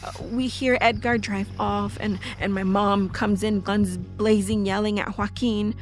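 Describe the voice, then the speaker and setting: A woman narrating a first-person horror audio drama, telling it breathlessly with halting restarts. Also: mid-range voice, steady tone, faint music behind, close to an everyday voice. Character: young woman recalling a family horror.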